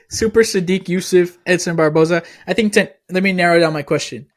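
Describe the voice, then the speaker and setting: A podcast co-host with a high-pitched voice speaks at a normal speed in casual chat. He's easygoing, laughs along, and leads the questions.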